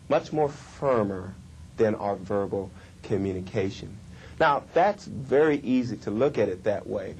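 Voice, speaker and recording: A middle-aged man giving a workshop lecture on communication, with emphatic, drawn-out stresses. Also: mid-range voice, darkish tone, slightly rough. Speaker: communication trainer.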